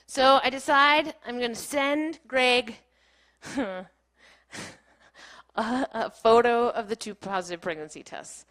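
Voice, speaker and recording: Woman speaker in her thirties, slightly high voice, candid and chatty storytelling, laughs often. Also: slow, pauses often, a bit bright. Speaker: keynote speaker. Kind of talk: personal storytelling talk. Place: small playhouse stage.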